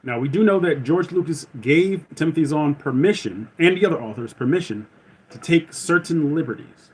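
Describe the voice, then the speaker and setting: A man hosts a live stream, chatting in a loose, conversational, rambling way and often correcting himself. His fairly high voice is expressive, a little mellow, with a breathy edge, at normal speed, and the recording is rough.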